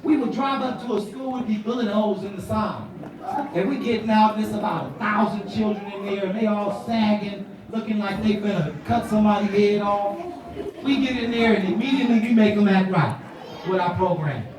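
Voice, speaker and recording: A man giving an animated banquet speech, telling stories in lively slang and acting out voices. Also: high-pitched, brisk, recorded from a distance, noisy background. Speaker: banquet speaker. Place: banquet hall. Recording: echoey hall from afar, crowd.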